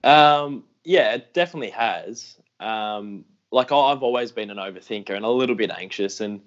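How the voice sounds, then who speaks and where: A man's voice: fairly low pitch, normal speed, highs cut off. A young Australian man telling stories in a casual podcast interview, rambling and self-deprecating, acting out what people said. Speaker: podcast guest, AFL YouTuber.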